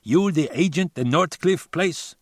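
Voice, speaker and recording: A man's voice: fairly high pitch, unhurried, no echo, studio quality, pitched above the performer's own voice. A man voicing an old bearded immigrant buyer who speaks blunt, broken English with a thick foreign accent.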